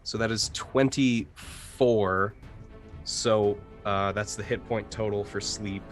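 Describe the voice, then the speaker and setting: A man's voice: on the low side, steady tone, takes it slowly, faint music behind. A man playing a tabletop game, thinking aloud hesitantly as he describes his character's actions. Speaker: player. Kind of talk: tabletop role-play.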